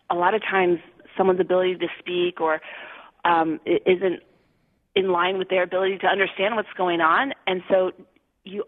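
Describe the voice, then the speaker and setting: A woman guest author being interviewed, speaking haltingly with many fillers and restarts over a phone line. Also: lowish voice. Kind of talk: interview conversation.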